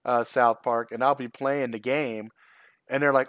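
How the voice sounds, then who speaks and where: Middle-aged male streamer, loose rambling live chat, profane, medium pitch, dry close mic. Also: steady tone, moderate pace, fairly bright tone, no room sound. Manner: rambling, profane, laughs often. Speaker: channel host.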